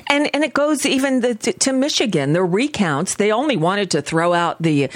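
A woman's voice: mid-range voice, animated, moderate pace, hardly any pauses, dry recording. A woman co-hosting a casual political chat, blunt and emphatic in her opinions. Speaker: co-host.

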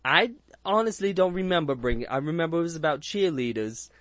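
A man's voice: fairly high pitch, expressive, fairly quick, fairly bright tone, no room sound. A man hosting a casual movie review chat, rambling and crude with frequent restarts and jokes. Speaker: podcast host.

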